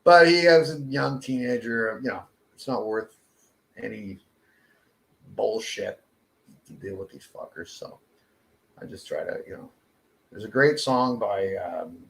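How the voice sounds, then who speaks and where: A man's voice: fairly low pitch, vocal fry. A Canadian man ranting in a casual podcast chat, swearing constantly. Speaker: podcast co-host. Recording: echoey room.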